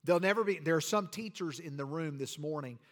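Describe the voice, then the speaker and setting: A man's voice: on the high side, a little fast. A man preaching a sermon to his church with emphatic, rhetorical delivery. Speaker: pastor.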